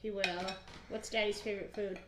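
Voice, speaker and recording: Mulher paciente ensinando criança, cozinha ecoante. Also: female voice, mid-range voice, level tone, fairly quick. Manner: patient, coaxing, asks simple questions. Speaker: cooking class teacher with her child. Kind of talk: home cooking demo video. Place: home kitchen. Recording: echoey room, faint noise.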